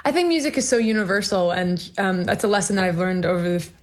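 A young American woman in her twenties, a musician guest talking casually over a video call from a dark room, bubbly and gushing. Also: mid-range voice, lively intonation, quick pace, a little hiss or hum. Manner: bubbly, gushing, many likes and I mean.

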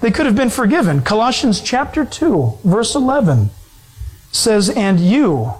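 A man preaching a sermon, telling stories in an animated way, laughing often and restarting his sentences. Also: high voice, unhurried, husky, low-quality recording.

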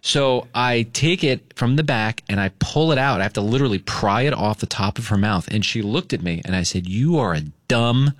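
A man's voice: mid-range voice, normal speed, hardly any pauses, dry recording, studio quality. A man hosting a radio talk show, telling a story with lots of energy and acting out the quotes in a raised voice. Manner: lively, acts out quotes in a raised voice.

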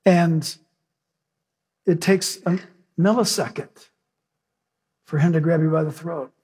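A male pastor preaching an animated sermon, telling stories and acting out voices. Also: on the high side, slow pace, breathy edge. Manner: animated, storytelling, acts out voices.

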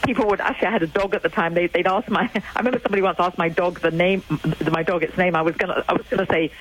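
A woman's voice: lowish voice, fast, hardly any pauses, background noise. An older woman from England, a guest speaking emphatically and telling stories in a chatty way on a phone line. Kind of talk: call-in radio talk.

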